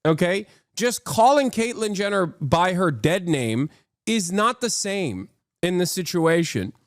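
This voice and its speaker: Speaking a little slowly in a high, animated voice, a thirty-something male streamer offers sarcastic, heated takes on politics while responding to his chat. The audio is dry and studio-clean.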